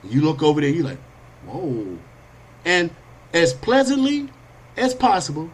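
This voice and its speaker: A man hosting a podcast, telling an animated parable in street slang, swinging between high whiny character voices and low asides. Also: normal speed. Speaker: podcast host. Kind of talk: storytelling monologue.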